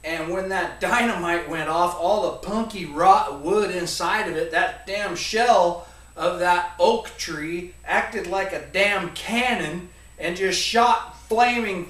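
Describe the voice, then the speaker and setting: A man around forty, telling a comic story to an audience in a rambling, animated way. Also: sits high, slow. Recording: echoey room, voice from a distance.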